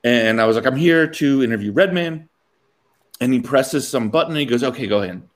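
A man's voice: mid-range voice, brisk. A man casually telling a long funny story to a co-host, acting out the people in it and laughing often.

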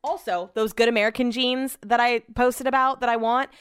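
Smooth-voiced chatty woman telling stories. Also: on the high side, steady tone, brisk, dry recording, studio quality. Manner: chatty, retells conversations with lots of "I was like"; blunt, swears casually. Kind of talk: casual storytelling monologue.

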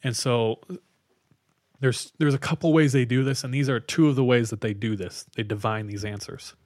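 A man in the middle pitch range telling a ghost story on a podcast. He talks casually, with fillers like "like", and drops his voice low for the eerie moments. The sound is dry and close, with no room echo. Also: normal speed. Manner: animated retelling with fillers, hushed for spooky parts.

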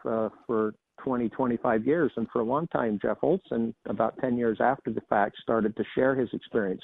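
A man, a former emergency doctor, telling his experiences as a guest in a measured, reflective way with some restarts. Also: mid-range voice, gravelly, no echo. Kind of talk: interview, personal storytelling. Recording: dry tinny phone-like line.

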